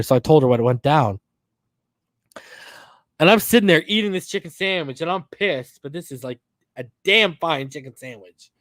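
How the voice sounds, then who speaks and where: A man in his thirties telling a long personal story on a podcast, animated and slangy with plenty of swearing. His voice sits a bit high for a man. The recording is dry and close, with no room sound. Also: a little fast, dry recording. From northern US. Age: 30s. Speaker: podcast host. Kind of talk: casual storytelling.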